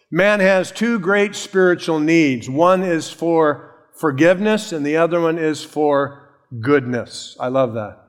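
A man preaching a sermon, measured and emphatic, stretching out key phrases slowly. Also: on the high side. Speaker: pastor.

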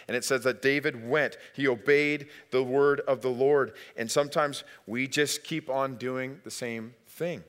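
A middle-aged male pastor preaching a sermon, lively in his storytelling and acting out family voices. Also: mid-range voice, measured pace, few pauses. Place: church sanctuary. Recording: long hall reverb.

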